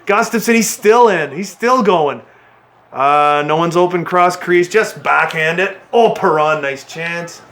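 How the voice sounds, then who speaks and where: A man giving excitable play-by-play commentary on a hockey video game he is playing, cheering and groaning at his team. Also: on the high side, measured pace. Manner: excitable play-by-play, yelling at the players. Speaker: gaming channel host.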